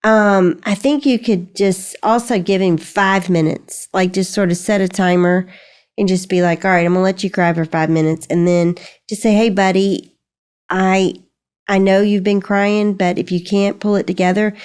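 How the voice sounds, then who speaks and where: A woman's voice: medium pitch, steady tone, measured pace, darkish tone, smooth. An older woman hosting a podcast, giving chatty, reassuring motherly advice in casual conversation. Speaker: podcast host answering parenting questions. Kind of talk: casual chat.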